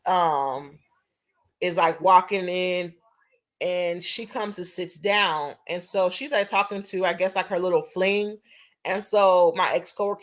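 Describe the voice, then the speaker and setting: A young woman, telling a casual storytime story in an animated, profane, chatty way. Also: lowish voice.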